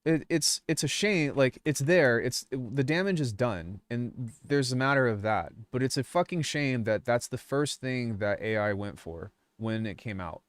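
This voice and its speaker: A man's voice: medium pitch, expressive, measured pace, hardly any pauses, smooth, dry recording. Young male streamer, profane rambling rant, mid voice, dry mic. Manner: swears a lot, rambling, fired up. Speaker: music producer YouTuber. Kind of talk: casual livestream rant.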